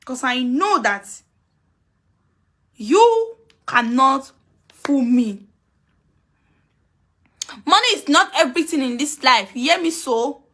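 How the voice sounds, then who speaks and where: Woman with a Nigerian Pidgin accent, high and bright, taunting rant streamed on a live video. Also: lively intonation, slow, pauses often. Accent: Nigerian Pidgin English. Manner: scolding, taunting, repeats herself.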